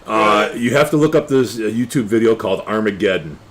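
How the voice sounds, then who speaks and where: A man's voice: fairly low pitch, lively intonation, brisk, a loud crowd. A man hosting a casual talk show, rambling with lots of fillers. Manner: rambling, with many fillers and restarts. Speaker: podcast host. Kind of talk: casual chat.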